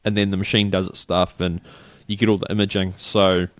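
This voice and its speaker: A man's voice: deep voice, level tone, fairly quick, dry recording, studio quality. A middle-aged New Zealand man chatting casually as a podcast co-host, rambling through a story and acting out the people in it. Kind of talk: casual chat.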